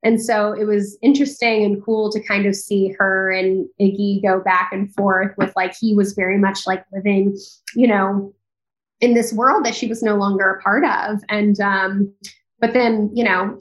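A woman's voice: medium pitch, little pitch movement, a little slow, poor audio. A woman with a New York accent, a voice actor talking as a guest in a casual interview, easygoing and reflective with lots of "like" and "you know".

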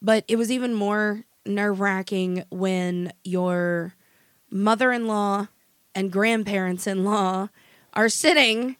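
A woman co-hosting a podcast in casual chat, animated and swearing freely. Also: mid-range voice, unhurried, no room sound, studio quality. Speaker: podcast co-host.

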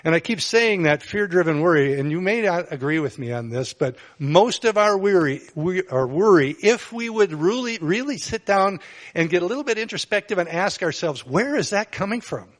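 A man's voice: lively intonation, normal speed. A man preaching a sermon as pastor, earnest, with bursts of emphasis. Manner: earnest, rises in pitch and volume for emphasis.

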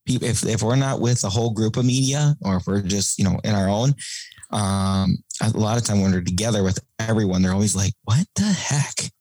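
A man's voice: on the low side, fairly even intonation, a little fast, a little mellow, dry recording, low-quality recording. A man talking as a guest on a podcast, telling stories in a casual chat, laughing often and acting out what people said. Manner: laughing storyteller, acts out quotes.

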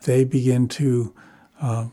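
Male conversation partner, warm mid-range voice, measured and reflective. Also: mid-range voice, flat delivery. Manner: measured, thoughtful.

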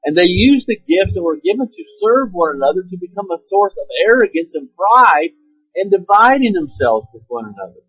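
A man's voice: sits high, very animated, brisk, slightly rough, dry recording, dull audio. A man preaching a sermon, explaining scripture in an earnest way with fillers and restarts. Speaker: pastor.

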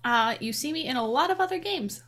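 A woman's voice: high voice, animated, brisk, fairly bright tone. A woman player chatting casually at a tabletop game stream in a dry, offhand way. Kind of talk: casual chat.

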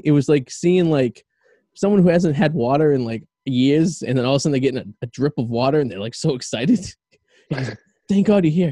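Mellow-voiced man telling bawdy stories. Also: a little high, dry recording. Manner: profane, laughing anecdotes with acted quotes. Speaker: podcast host. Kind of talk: casual podcast storytelling.

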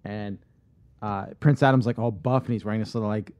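A man on a podcast casually pitching a movie idea, rambling with lots of fillers and restarts. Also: steady tone, a little fast, a little mellow, dry recording.

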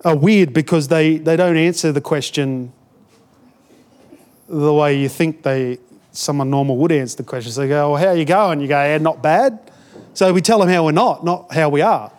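A man's voice: on the high side, normal speed, a little mellow. A man with an Australian accent, a pastor giving a conversational sermon, often repeating words as he builds a point.

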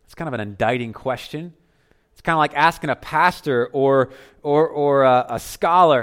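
A man preaching a sermon as pastor, earnest, dropping to softer tones for emphasis. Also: medium pitch, normal speed, clear, resonant tone.

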